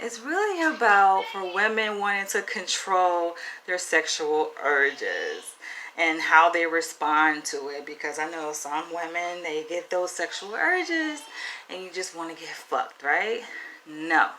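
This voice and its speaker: Southern woman vlogger, lowish bright voice, blunt and chatty, faint room hum. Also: low-quality recording. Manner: frank, chatty, asks "right?" often. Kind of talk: casual advice talk to camera.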